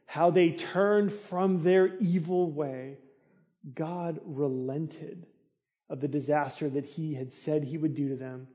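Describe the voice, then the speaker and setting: A man's voice: a little high, warm tone. A middle-aged man preaching a sermon in an earnest, conversational way that rises in intensity. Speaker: pastor.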